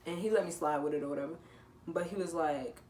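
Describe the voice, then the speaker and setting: Teen girl, low voice, animated casual storytime vlog, echoey room. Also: quick pace, recorded from a distance, slight background noise. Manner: animated, laughing, swearing, acting out quotes. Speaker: vlogger telling a story. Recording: echoey room with faint ambience.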